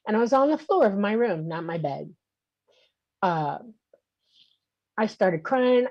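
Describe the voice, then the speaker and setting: A woman's voice: mid-range voice, darkish tone, no room sound, highs cut off. A woman in her sixties, a guest vividly telling her own encounter story in casual interview talk.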